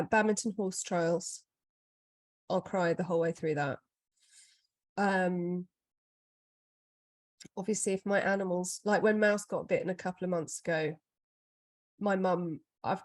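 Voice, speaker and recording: A woman co-hosting a podcast, chatting casually and telling animated stories. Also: lowish voice. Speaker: podcast co-host. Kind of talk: casual chat.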